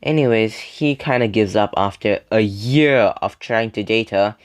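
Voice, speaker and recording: A man's voice: on the low side, unhurried, clean tone. A young man telling a casual story to the camera in a rambling way, full of fillers and laughing between sentences. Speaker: storytime video creator.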